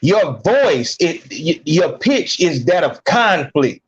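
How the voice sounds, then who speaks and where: A man's voice: on the high side, big pitch swings, slow pace, breathy edge, highs cut off. A man hosting a podcast, ranting bluntly with heavy slang and swearing. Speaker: podcast host. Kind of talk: profane ranting commentary.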